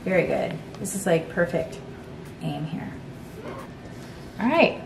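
Slow and low with vocal fry, a cooking show host talks directly to her viewers in a chatty, playful way while running a casual demonstration. The recording is echoey, with the mic set far back and a steady hum in the background.

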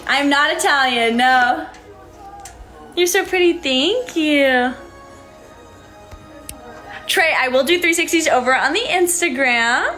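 A woman's voice: sits high, slow pace, pauses often, sharp tone, faint music behind. A woman live-streaming in casual chat, reading out viewer comments and thanking them by name in a breezy, upbeat way. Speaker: livestreamer. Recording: echoey room.

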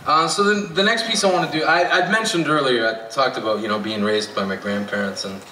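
A man with a bright, forceful voice tells a story to a live audience and laughs dryly along the way. He sounds distant from the mic, in a roomy outdoor amphitheatre with a faint hum of ambience behind him. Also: medium pitch, fairly quick. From Canada. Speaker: spoken word poet.

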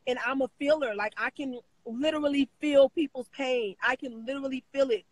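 A woman's voice: high voice, fairly even intonation, brisk, dry recording, rough recording. A woman guest in an interview, telling a personal story with emotion, repeating phrases and using many fillers, crying at times.

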